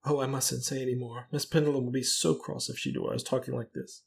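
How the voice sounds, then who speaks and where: A man voicing a timid, frightened young female companion who speaks softly and tearfully, hesitating as she goes. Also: medium pitch, quick pace, natural voice.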